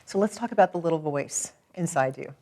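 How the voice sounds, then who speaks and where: A woman coaching a client through a tapping session, calm, encouraging and gently directive. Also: low-pitched, fairly quick.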